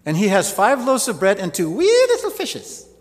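A man voicing an excited male disciple with a put-on Scottish accent, in a high, bouncy brogue. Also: normal speed, big-room sound.

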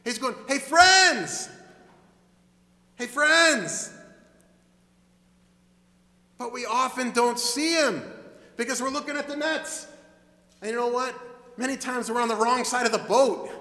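In a large hall with long, echoing reverb, a male pastor gives a conversational sermon, acting out the story as he tells it. His voice is high and bright, his tone steady, and his pace moderate.

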